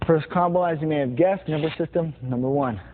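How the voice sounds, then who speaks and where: A man teaches boxing combinations, calling out each punch and counting through the moves as he demonstrates them. His voice sits a bit high. The sound is thin and phone-like, with steady noise underneath. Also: fairly quick. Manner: plain, repetitive instruction with punch sounds. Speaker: boxing instructor.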